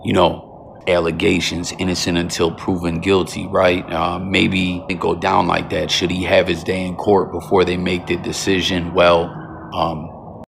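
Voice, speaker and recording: A man hosting casual commentary in a laid-back, slangy way. His voice is very deep with a gravelly edge, and noticeable noise sits behind it. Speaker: commentary host.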